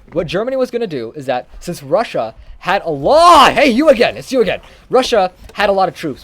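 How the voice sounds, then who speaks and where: A young man chats through a history lesson while he plays an online game. His slightly high voice jumps about lively in pitch. He rambles, trips over words and backtracks often. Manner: rambling, animated, self-correcting. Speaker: gaming YouTuber. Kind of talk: casual history explainer over gameplay.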